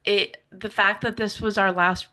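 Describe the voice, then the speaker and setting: Woman, interview guest, bright clear tone, heartfelt, run-on sentences, restarts. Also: medium pitch, fairly even intonation, low-quality recording. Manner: emotional, reflective, quick run-on sentences with restarts. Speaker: podcaster and writer, interview guest. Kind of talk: heartfelt conversational interview answers.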